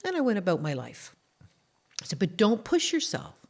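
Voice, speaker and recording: A woman from Canada, talking in a casual interview as an author and guest, telling animated stories and acting out the voices of the people in them. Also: mid-range voice, normal speed, vocal fry. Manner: animated storyteller who acts out quoted voices.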